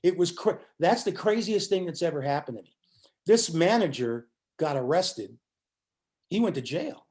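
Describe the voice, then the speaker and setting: Animated older man telling a story. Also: on the high side, normal speed. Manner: animated storyteller acting out quotes. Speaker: musician guest. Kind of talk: storytelling in an interview.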